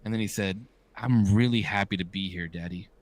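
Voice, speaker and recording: A man's voice: lowish voice, brisk. A man in his thirties chatting casually as a podcast co-host, candid and swearing often, acting out the voices of people he quotes. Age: 30s. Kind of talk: casual chat.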